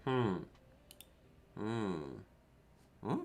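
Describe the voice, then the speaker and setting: Young Canadian-born guy, lowish voice, chatty live streamer, excitable, laughs a lot, repeats words. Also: drawn-out words, a little hiss or hum. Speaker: keyboard streamer. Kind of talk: casual live-stream chat.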